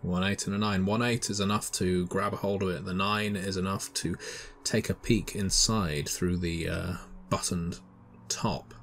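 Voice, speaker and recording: Deep-voiced game master. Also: male voice, steady tone, fairly bright tone, slight background noise. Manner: descriptive, measured narration. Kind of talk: narrating a tabletop horror game.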